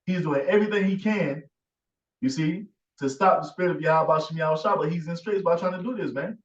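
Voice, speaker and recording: A man's voice: fairly high pitch, brisk. A man preaching with strong emphasis, tagging his points with "man" and "you see.". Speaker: teacher. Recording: echoey, distant, dull sound.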